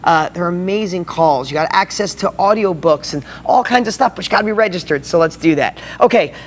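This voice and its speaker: A man hosting a motivational video blog, talking to viewers in an excited, fired-up way. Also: high-pitched, a little fast, a little hiss or hum.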